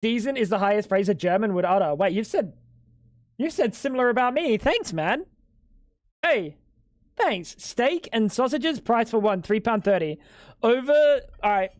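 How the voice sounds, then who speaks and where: A man's voice: high-pitched, lively intonation, moderate pace, no room sound, studio quality. A young man streaming live at home, bantering with chat in a crude, joking way. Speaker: livestreamer.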